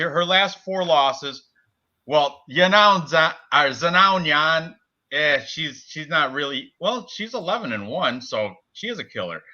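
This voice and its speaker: A man talks fight picks on a live stream in a loose, rambling way, tripping over names as he goes. His voice is bright and forceful. The audio is dull and lo-fi. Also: a little high. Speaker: betting podcast co-host. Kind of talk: casual live-stream sports betting chat.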